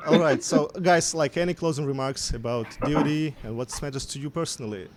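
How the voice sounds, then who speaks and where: A man's voice: fairly high pitch, fairly quick, a loud crowd. A young man with a Russian accent moderating a casual panel chat, talking loosely with many "like"s and "uh"s. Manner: casual, heavy on filler words like "like" and "uh". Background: music playing.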